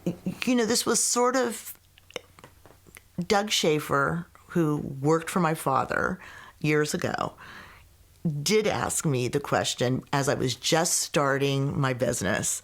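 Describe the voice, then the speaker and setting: A woman's voice: sits low, lively intonation, slow pace. A woman, a sparkling wine producer, giving a reflective and affectionate interview answer.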